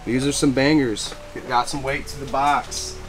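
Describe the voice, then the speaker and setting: A man showing off his gear in a casual vlog, excitable and slangy, repeating catchphrases and whooping. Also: mid-range voice, moderate pace. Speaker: fireworks vlogger. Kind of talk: casual show-and-tell vlog. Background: background music.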